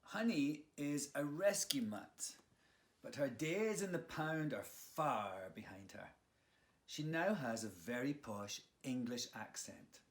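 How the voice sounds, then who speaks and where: A man reads a children's picture book aloud at an unhurried pace, playful and full of expression. His voice rises and falls a great deal as he speaks to young listeners, now and then dropping to a whisper. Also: mid-range voice, expressive.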